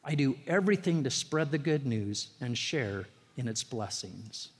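A man's voice: medium pitch, animated, a little slow, slightly rough, in a large hall. A man, a pastor, preaching a sermon in a conversational, storytelling way, pushing up his voice on key phrases.

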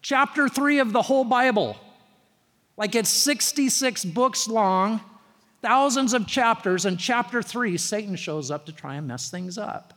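Pastor, high male voice, chatty sermon with stories, long hall reverb. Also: lively intonation, unhurried, fairly bright tone. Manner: conversational storytelling preacher, rising emphasis on key phrases.

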